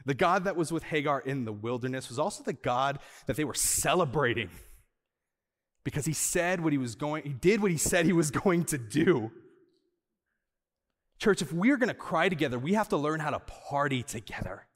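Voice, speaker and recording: Male pastor, sermon, slightly high voice, soft-to-loud swings, long church-hall reverb. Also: expressive. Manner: swings from soft and slow to loud and high for emphasis, with light laughs. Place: church auditorium.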